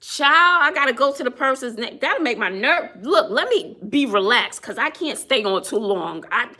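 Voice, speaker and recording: A woman's voice: a little high, animated, moderate pace, bright, forceful tone. A woman who is a teacher, chatting casually to viewers on a phone livestream, laughing often and greeting people as she tells a story.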